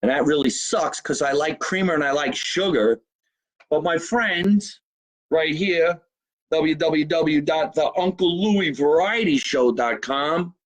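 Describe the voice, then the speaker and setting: A middle-aged comedian with a New Jersey accent hosts a loose, profane live stream from his home basement, joking around with viewers in casual chat. His voice is a little high and a little slow, and the recording is rough.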